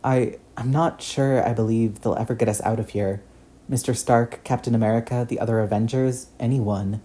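A man's voice: medium pitch, fairly even intonation, normal speed, warm tone, lightly acted. A man voicing an earnest, shaken teenage boy hero who stammers and restarts his sentences.

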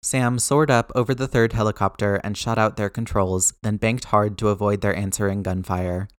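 Low-voiced man narrating an action story. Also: fairly even intonation, moderate pace, no room sound, clean studio sound. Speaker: audiobook narrator. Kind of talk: scripted narration.

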